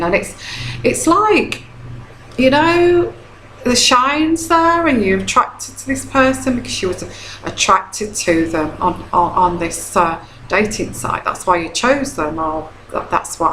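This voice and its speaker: A woman's voice: lowish voice, a bit bright. A woman tarot reader talks through casual advice in a loose, chatty flow. She circles back on her points and often checks in with "okay?". Her voice carries a noticeable room echo with a faint hum underneath. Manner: chatty, repeats herself, frequent "okay?" checks. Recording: echoey room.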